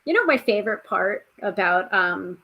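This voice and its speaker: A woman's voice: mid-range voice, animated, normal speed, muffled recording. A woman hosting a tarot podcast live stream, chatting casually and reading out viewer comments. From United States. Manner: chatty, reads out viewer comments, frequent fillers.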